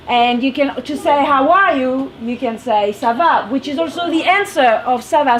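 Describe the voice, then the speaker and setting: A woman with a French accent speaks casually to a young audience, high and expressive, laughing often as she explains. Her voice sits well up in her register. The recording is busy with steady room noise behind her. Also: moderate pace, rough recording. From France. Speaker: guest speaker at a youth group. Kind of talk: casual talk to a youth audience.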